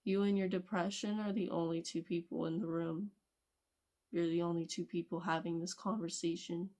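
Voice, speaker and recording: A woman with a somewhat low voice talks straight to the camera in a casual advice vlog. Her phrasing is loose and conversational, full of restarts, and she breaks into light laughs between points. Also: little pitch movement, normal speed, dark tone. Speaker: video creator.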